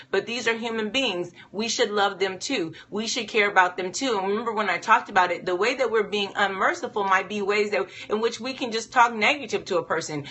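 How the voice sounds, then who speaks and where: A woman teaching a Bible lesson with lively energy, often posing questions to her listeners. Her voice is bright and forward, sitting at a mid pitch. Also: slight background noise. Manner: animated, full of rhetorical questions. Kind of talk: devotional teaching talk.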